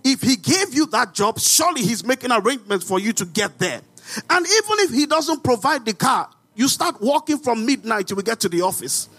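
A man with a Nigerian accent preaching a sermon as pastor, animated with rhetorical questions and sudden shouts. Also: very high-pitched, fairly quick, breathy edge.

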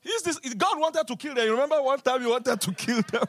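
A man preaching a sermon as pastor, repeating phrases for emphasis and swinging between loud declarations and hushed lines. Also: extremely high pitch, fairly quick.

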